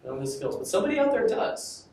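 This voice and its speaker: A man's voice: high-pitched, very animated, racing, gravelly, a little mellow. A man giving a classroom lecture in a conversational way, often repeating and restarting phrases. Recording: echoey classroom from far off, faint noise.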